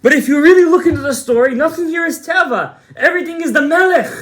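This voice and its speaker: A man's voice: extremely high pitch, fast, fairly bright tone. A rabbi teaching a Torah class. He retells the story with quoted dialogue and Hebrew terms, and keeps asking the audience questions that he answers himself.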